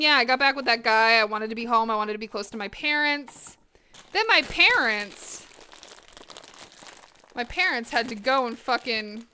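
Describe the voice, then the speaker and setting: A woman cooking live in her kitchen, chatting with her viewers. Her voice sits a little high, bright and crisp, and she talks with lots of energy and plenty of swearing. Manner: energetic, chatty and profane, talking to chat. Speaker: cooking streamer. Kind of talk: casual chat while cooking on stream.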